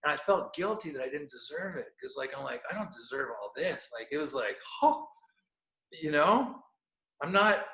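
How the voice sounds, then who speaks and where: A man's voice: fairly high pitch, animated, moderate pace, fairly bright tone. A man in his thirties, a podcast guest, telling a personal story in an earnest way and searching for words with many fillers. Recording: echoey room.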